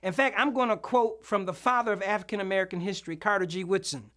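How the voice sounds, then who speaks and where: A man, a minister, giving an impassioned preacher-style speech at a political event, asking the crowd for amens and shouting his key words. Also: high voice, steady tone, fast. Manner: emphatic call-and-response, asks for amens.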